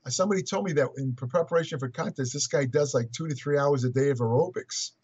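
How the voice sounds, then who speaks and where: A man's voice: fairly high pitch, fast talker, a little mellow, husky. An older man talking as an interview guest, rambling through stories with many hesitant restarts and chuckles. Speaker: guest, fitness writer. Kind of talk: casual interview storytelling. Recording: muffled lo-fi audio.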